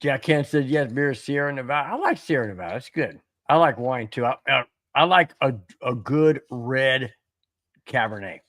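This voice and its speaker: Animated man telling stories. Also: mid-range voice, moderate pace. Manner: animated storyteller, laughs often, stumbles and restarts. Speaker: podcast co-host. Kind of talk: casual sports podcast chat.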